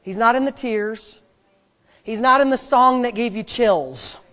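A man's voice: extremely high pitch, unhurried, bright, forceful tone. A man, a pastor, preaching a sermon and driving points home with emphatic repetition.

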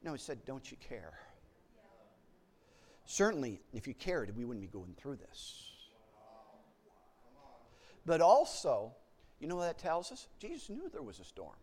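Male preacher, lively swooping delivery, stumbles and restarts, acts out panicked voices, fairly high voice. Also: normal speed, pauses often, husky. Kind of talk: sermon.

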